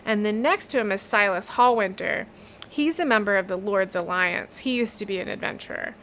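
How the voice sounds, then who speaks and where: A woman's voice: medium pitch, fairly quick, fairly bright tone, a little hiss or hum, close to an everyday voice. A woman voicing a young female village weaver who rambles, exasperated by town politics. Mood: gossipy. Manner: rambling, exasperated, eye-rolling.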